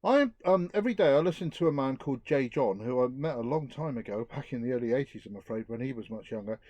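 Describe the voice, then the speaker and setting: Middle-aged man, earnest youth talk, animated pitch, dry close sound, outdoors. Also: no room sound, lo-fi sound. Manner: earnest, lively, pauses to reflect. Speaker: youth speaker.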